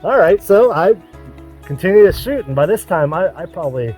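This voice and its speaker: A man telling a childhood hunting story in a casual, animated way, laughing often between lines. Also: high voice, fairly quick, faint music behind. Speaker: overland vlogger.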